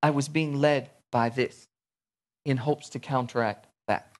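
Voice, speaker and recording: A man preaching a sermon, animated, acting out little everyday scenes in different voices. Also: mid-range voice, a little slow. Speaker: pastor.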